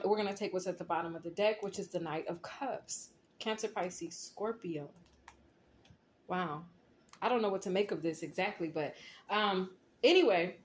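A woman in a casual tarot reading vlog, telling a dream and rambling, often checking in with "okay?" and "right?". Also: mid-range voice. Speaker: tarot reader.

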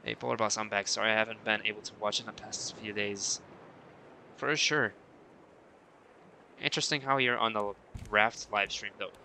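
Guy streaming a game, super bright sharp voice, chatty, reads chat out loud and jokes back. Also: lowish voice, steady tone, moderate pace, gravelly, long pauses, slight background noise. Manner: chatty, reads viewer messages aloud and answers them playfully. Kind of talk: casual live-stream chat while gaming.

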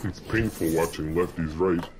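A man's voice: deep voice, normal speed, a little mellow, slight background noise. A man co-hosting a scripted comedy sketch, talking in a whiny, pleading little-brother manner. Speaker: co-host.

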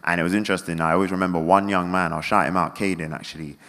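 Fast, deep-voiced man in a hall. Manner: animated storyteller, acts out quotes. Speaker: guest speaker. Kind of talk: live event interview. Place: indoor event venue. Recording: reverberant event hall.

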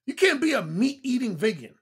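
A man in his fifties, a dating coach talking bluntly on a livestream, repeating his points and swinging between a high throaty tone and a deep resonant one. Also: big pitch swings, a little fast, husky. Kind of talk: livestream talk.

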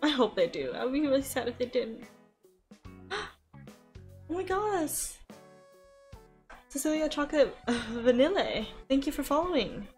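A chatty young American woman talking over her game on a live stream, her voice sitting a little high. She thinks aloud, gasps and laughs often, close to a desk mic with faint music behind. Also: animated, unhurried, long pauses. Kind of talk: casual live-stream chat while gaming. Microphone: desk microphone.

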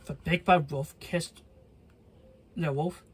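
A storybook reader reading a children's story aloud, halting now and then with small slips. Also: mid-range voice, steady tone, slight background noise.

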